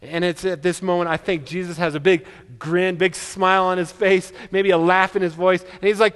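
High-voiced preacher in an echoing hall. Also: male voice, level tone, normal speed, few pauses, a bit bright, smooth. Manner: earnest, frequent stammered restarts. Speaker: pastor. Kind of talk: sermon. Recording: long reverb of a large hall.

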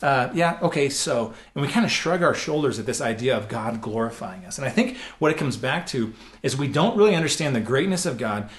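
A man's voice: mid-range voice, lively intonation, fast. Earnest conversational male preacher. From United States. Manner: conversational, earnest, many restarts and repeated words. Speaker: pastor. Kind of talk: sermon.

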